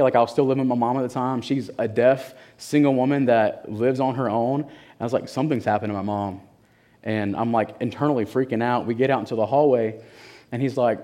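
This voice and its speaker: A young man in his twenties tells a personal story from the pulpit in an animated storytelling manner. He breaks into laughter and acts out the people he quotes. His voice sits in an ordinary middle pitch. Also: fast. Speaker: church speaker giving testimony. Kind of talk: sermon storytelling.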